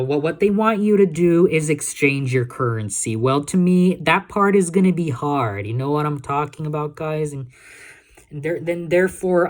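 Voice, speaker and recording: A young man vlogging straight to his viewers in a loose, unscripted way. His speech halts and stumbles, with doubled words and frequent restarts, and he keeps asking the audience if they follow him. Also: on the high side. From Texas. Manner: halting, many repeated words and restarts; keeps asking "you know what I'm saying, guys?". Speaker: YouTube vlogger. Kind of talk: casual vlog talk to viewers.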